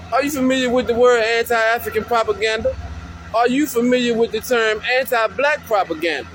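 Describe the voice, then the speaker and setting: A man's voice: very high voice, slight background noise. An American man giving a preachy response monologue in slangy speech, firing off repeated rhetorical questions. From United States. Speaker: commentator responding to another video.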